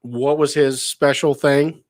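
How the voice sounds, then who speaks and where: A man's voice: medium pitch, steady tone, takes it slowly, no echo. Man, podcast co-host, casual chat, rambling storyteller, chuckles, dry close sound.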